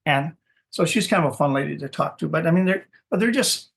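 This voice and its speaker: In a slightly high, creaky voice, a man from Minnesota tells stories briskly and expressively. A dog breeder in a casual interview, he wanders off track and repeats himself while looking for words.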